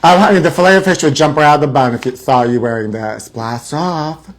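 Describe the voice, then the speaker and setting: A man's voice: fairly high pitch, fairly quick. A man hosting a live celebrity gossip show, theatrical and mock-frightened, calling his viewers honey. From Los Angeles area.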